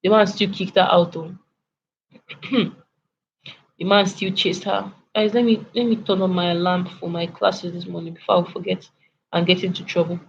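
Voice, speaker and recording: A woman's voice: fairly low pitch, normal speed. Young Nigerian woman telling a story. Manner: animated, indignant, clears throat often. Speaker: vlogger. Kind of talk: casual storytelling. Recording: lo-fi with faint background noise.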